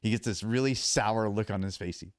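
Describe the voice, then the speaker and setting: A man, a podcast guest and endurance athlete, telling animated stories in casual talk with many restarts. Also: lowish voice, brisk, clear, resonant tone, no echo, clean studio sound. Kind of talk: casual storytelling.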